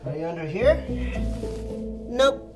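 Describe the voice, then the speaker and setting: A woman's voice: fairly low pitch, sing-song, slow. A woman performing a frantic, foul-mouthed crab creature who mutters and swears nonstop while hunting for lost glasses in a comedy sketch. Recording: roomy, distant, over loud music.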